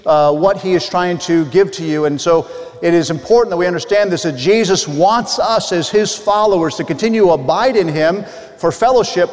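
A man preaching a sermon earnestly, reading old scripture aloud with frequent restarts. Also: high-pitched. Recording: long hall reverb.

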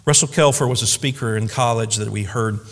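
A man's voice: medium pitch, a little fast, breathy edge, big-room sound. A man preaching a sermon as a pastor, emphatic, building on repeated phrases.

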